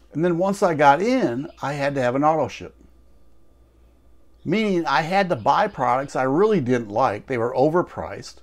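A man delivering a direct-to-camera sales pitch as a network marketing promoter. He tells stories in a chatty, emphatic way and adds asides.

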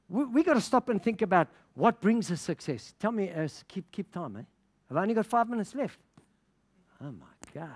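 High-voiced, lively middle-aged male preacher. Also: breathy edge. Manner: passionate storytelling with laughter and quoted dialogue. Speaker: pastor. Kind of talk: sermon.

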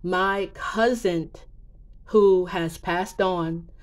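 A woman's voice: lowish voice, steady tone, very slow. Rambling woman with many fillers. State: emotional, near tears. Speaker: psychic vlogger. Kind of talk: casual talking-head predictions.

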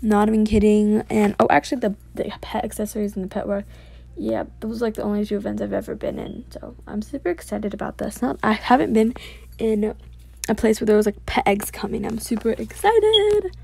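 A female gaming YouTuber giving casual gameplay commentary, excitable and gushing, full of exclamations and reading game text aloud. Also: mid-range voice, a little fast, creaky, breathy edge.

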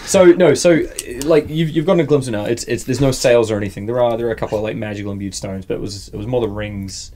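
A man's voice: mid-range voice, fast talker, few pauses, mellow. A man running a tabletop game, chatting playfully afterwards with his players. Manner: playful, laughs often. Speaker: game master. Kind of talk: casual post-game chat.

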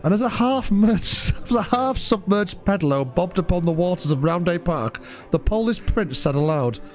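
A man's voice: high voice, animated, normal speed, soft background music. A man, co-hosting a podcast and reading out an absurd comic story in a mock-solemn voice, breaking into laughs now and then. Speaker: podcast co-host.

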